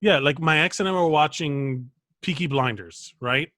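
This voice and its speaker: A man guests on a podcast, tossing off wisecracks in easy casual chat. His voice is bright and forward, recorded dry with no room sound. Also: a little high, moderate pace, no room sound. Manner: wisecracking, joking.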